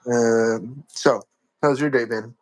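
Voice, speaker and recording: A man's voice: mid-range voice, fairly even intonation, slow. A man hosting a casual chat, rambling, slangy, and repeating himself. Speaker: podcast host.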